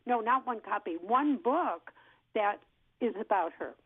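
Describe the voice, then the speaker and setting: Woman in her sixties, actress guest, lively storyteller, tinny phone line, dry sound. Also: fairly high pitch, measured pace, breathy edge, no room sound. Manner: lively storyteller who acts out what people said. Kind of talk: storytelling interview. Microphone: telephone.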